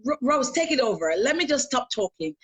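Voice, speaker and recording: A woman's voice: high-pitched, very animated, a little fast, breathy edge. A woman life coach hosting a live-streamed interview, talking earnestly and emphatically, with repeated phrases.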